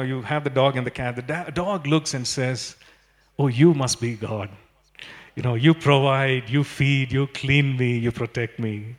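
A man preaching a sermon in an animated way, with many fillers and repeated phrases. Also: mid-range voice.

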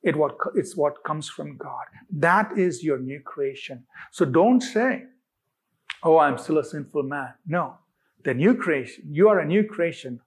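Man, pastor, sermon, husky voice, slightly high pitch, emphatic, repetitive, drawn-out stresses. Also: expressive.

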